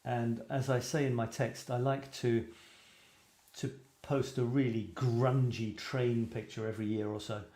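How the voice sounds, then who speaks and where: A man's voice: mid-range voice, little pitch movement, unhurried, dark tone. A British man hosting a casual photography show, rambling with self-deprecating asides. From Britain. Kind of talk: casual livestream chat. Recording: echoey room.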